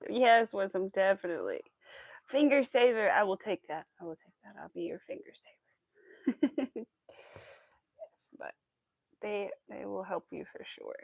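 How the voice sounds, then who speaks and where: A woman hosting a casual crochet livestream, chatting to her viewers as she works and cooing at her cat in a high baby voice. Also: animated, a little slow, gravelly, pauses often, no echo, dull audio. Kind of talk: casual chat while crocheting.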